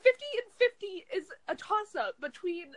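Blunt, joking high-voiced young woman. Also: very animated, normal speed, rough recording. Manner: blunt, joking, slangy advice. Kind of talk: casual chat among friends.

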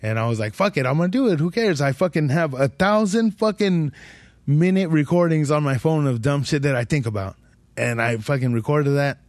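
A man's voice: a little high, lively intonation, fairly quick, darkish tone, no room sound. A young man telling a long story on his podcast, swearing constantly and rambling. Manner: heavy swearing, slangy, rambling. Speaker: podcast host. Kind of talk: casual storytelling.

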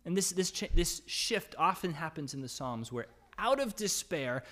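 An animated pastor with a fairly bright tone preaches at a moderate pace. He reads psalm verses out loud, raising his voice higher and louder for the anguished cries. Between readings he drops to a relaxed, conversational register and often adds "right?"

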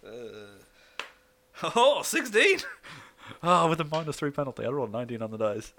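A man playing a tabletop game, chatting quickly and joking between in-character lines. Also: on the high side, very animated, bright, forceful tone, slight background noise. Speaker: player. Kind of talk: casual tabletop play.

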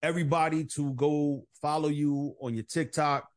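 A man hosting a podcast, telling a bar story in casual, profane, animated chat and acting out the voices of the people in it. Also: on the high side, moderate pace. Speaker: podcast host.

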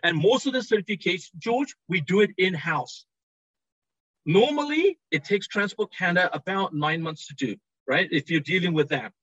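A man with a British accent, a company executive pitching enthusiastically in an interview over a video call from a trade show floor. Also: lively intonation, a bit bright, no room sound, highs cut off. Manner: enthusiastic, rapid sales pitch.

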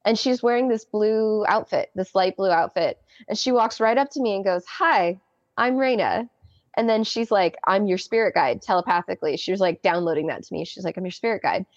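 A woman's voice: mid-range voice, brisk, a little mellow, no echo, dull audio. A woman in her early thirties, a guest telling a personal story in a casual interview, chatty and giggly with many restarts. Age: early 30s.

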